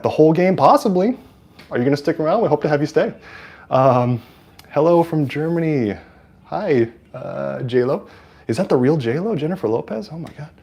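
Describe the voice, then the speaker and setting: This California livestream host has a mid-range, somewhat dark voice. Wearing a lapel mic, he chats casually with viewers and narrates the game, stumbling through lots of fillers yet getting excited at big plays.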